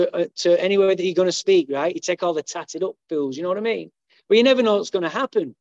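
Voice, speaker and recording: A man's voice: sits high, dry recording. A middle-aged man giving a humorous, profane recovery talk as main speaker at a meeting. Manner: profane, humorous, lively storyteller. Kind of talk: storytelling recovery share. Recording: dull lo-fi dry sound.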